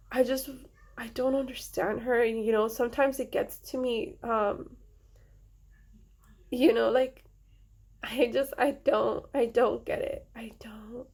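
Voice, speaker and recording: A young woman telling a personal story to her viewers in an earnest, halting way, with many pauses and fillers, quietly emotional. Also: on the high side, gravelly. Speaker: vlogger.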